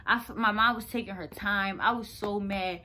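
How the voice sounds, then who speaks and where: Young woman, casual vlog chat, rambling with fillers, bright clear voice. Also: mid-range voice, fairly even intonation, normal speed, slight background noise. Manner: chatty, rambling, lots of "like" fillers. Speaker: vlogger. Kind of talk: casual storytelling to camera.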